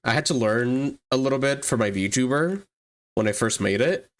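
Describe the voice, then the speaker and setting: A livestreamer and 3D artist in casual chat who laughs often, swears freely and jumps up in pitch when excited. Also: normal speed.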